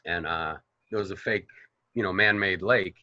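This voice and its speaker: Actor guest, lower pitch, forceful tone, loose profane anecdotes. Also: male voice, moderate pace, no room sound, lo-fi sound. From Boston, United States. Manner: animated, profane, rambling storyteller. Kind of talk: casual interview storytelling.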